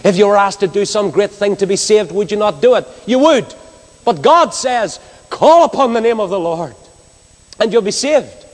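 A man preaching an impassioned evangelistic sermon, swinging from loud exclamations to hushed storytelling. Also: high-pitched, animated, normal speed. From Northern Ireland. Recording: long hall reverb.

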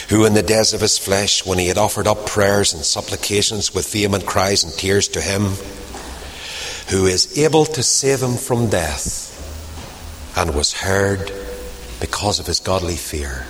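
A man preaching a sermon, swinging from loud emphasis to hushed whispers. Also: on the low side, lively intonation, a little slow, slight background noise.

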